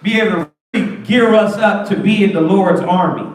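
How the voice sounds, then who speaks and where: A high-pitched man leads a Bible class with animated, slangy humor and rhetorical questions. His voice lands from some distance, ringing around a very echoey room. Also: a little fast. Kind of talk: lively street-talk preaching. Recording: echoey room, voice far from mic.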